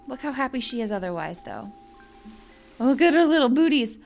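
A young woman giving excitable, chatty let's-play commentary as a gaming video host, thinking aloud as she plays. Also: high voice, normal speed, long pauses, soft background music.

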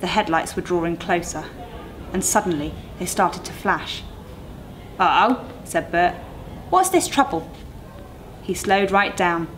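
A woman on a school staff reading a ghost story aloud in a measured, suspenseful way. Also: fairly low pitch, steady tone, a bit bright. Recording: noisy recording.

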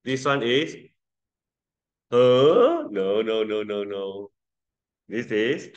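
Male classroom teacher, unhurried delivery, patient and repetitive, coaching vowel sounds. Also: fairly low pitch, sing-song, highs cut off. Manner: slow, patient drilling, repeating sounds for students. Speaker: English pronunciation teacher. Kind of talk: classroom lesson.

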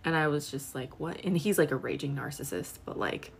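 A woman's voice: very deep voice, expressive, fairly quick, gravelly, slight background noise. A young woman in her twenties doing a casual live-stream tarot reading, chatty and full of filler words while she talks to viewers. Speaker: tarot reader.

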